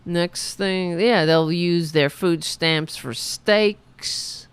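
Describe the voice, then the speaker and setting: A woman hosting a livestream show, telling stories in a sarcastic, animated way with casual profanity. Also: on the low side, smooth. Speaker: show host.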